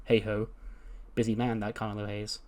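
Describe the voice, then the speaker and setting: A man's voice: on the low side, monotone, moderate pace, a little mellow. A man casually narrating his wrestling management game playthrough, rambling with lots of fillers. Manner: rambling, filler-heavy, chuckling. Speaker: let's-play host.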